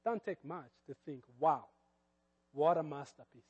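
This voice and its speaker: A man's voice: fairly high pitch, measured pace, slightly rough, long reverb tail, highs cut off. A man with a Kenyan accent preaching a sermon as pastor, with hesitant fillers that build to fervent emphasis.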